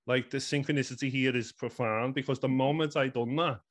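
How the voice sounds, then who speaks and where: A man's voice: mid-range voice, fairly even intonation, fairly quick. A man in his thirties with a Liverpool accent, earnestly telling a personal story in a rambling way, full of "you know" fillers. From England. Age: 30s. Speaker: guest.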